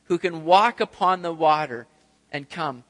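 A man preaching a sermon, telling the story with animated, acted-out scenes. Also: a little high, unhurried, big-room sound. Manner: animated storytelling, acts out voices of disciples. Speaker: pastor.

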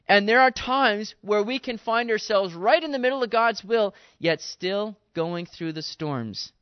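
Man preaching in a casual, animated way. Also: high-pitched, dry recording, lo-fi sound. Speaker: pastor. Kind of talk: conversational sermon.

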